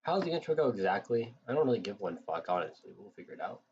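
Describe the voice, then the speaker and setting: A man's voice: on the low side, sing-song, fast talker. A man streaming live, chatting casually and profanely. He is tired and has a cold, and rambles with many fillers. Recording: dull lo-fi mic with faint noise.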